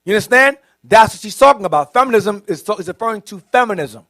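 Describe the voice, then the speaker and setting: A man serving as a deacon in a classroom, speaking forcefully and repeating phrases for emphasis. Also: sits high, lively intonation, quick pace, no echo. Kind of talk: classroom teaching.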